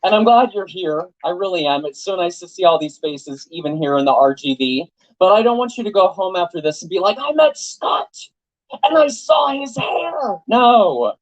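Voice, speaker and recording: A young man giving an animated, joking rally speech to a live audience, full of rhetorical questions. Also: sits high, a little fast, muffled recording. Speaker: political activist speaker. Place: event venue with live audience.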